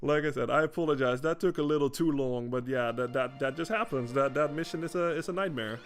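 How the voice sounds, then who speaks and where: Chatting over his gameplay, this young streamer from the Netherlands talks at a medium pitch and a little fast. He curses frequently, and frustration keeps making him start his sentences over.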